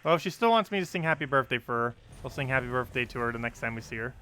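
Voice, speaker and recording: A man's voice: medium pitch, animated, racing, sharp tone, a little hiss or hum. A young man chatting casually on a game live stream, reading chat and laughing often.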